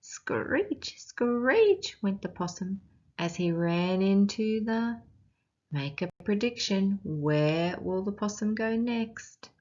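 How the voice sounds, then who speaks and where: Speaking at a medium pitch on a muffled recording, an Australian woman teaches children by reading them a picture book. She goes slowly and expressively, drawing the kids in with questions as the story unfolds.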